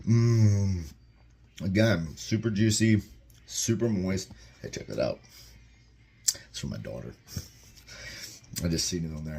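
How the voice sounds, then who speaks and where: Upbeat deep-voiced man chatting while eating. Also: gravelly, a little mellow. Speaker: vlogger reviewing a meal. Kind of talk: casual vlog chat. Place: home kitchen. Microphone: camera mic, propped-up phone without tripod.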